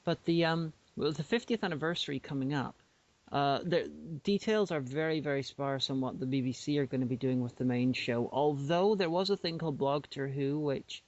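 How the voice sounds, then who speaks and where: A man's voice: on the high side, moderate pace, darkish tone, no echo. A man co-hosting a podcast, explaining things in a rambling casual way with many restarts. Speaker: podcast co-host. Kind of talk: casual chat. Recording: dull lo-fi podcast audio.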